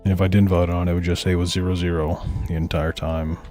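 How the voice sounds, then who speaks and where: A man's voice: deep voice, level tone, fast, a little mellow, soft background music. A man giving blunt, opinionated commentary on a stream and swearing freely. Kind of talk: casual commentary over footage.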